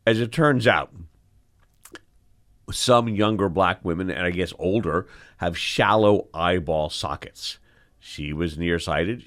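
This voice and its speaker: A middle-aged man, an eye doctor hosting the show, telling stories from his training in an animated, expressive way that acts out the scenes. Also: low-pitched. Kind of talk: storytelling in casual conversation.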